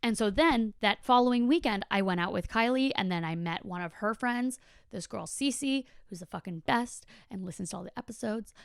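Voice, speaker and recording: A woman's voice: medium pitch, moderate pace, vocal fry, smooth, no room sound, clean studio sound. A woman in her twenties hosting a podcast, talking casually in a chatty monologue full of "like" and casual swearing. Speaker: podcast host.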